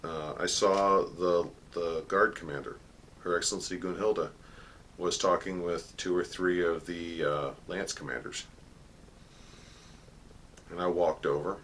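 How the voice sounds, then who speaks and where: A man telling a personal story in a casual monologue, animated, acting out the dialogue with frequent filler words. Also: low-pitched, slight background noise. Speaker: channel host recounting a story.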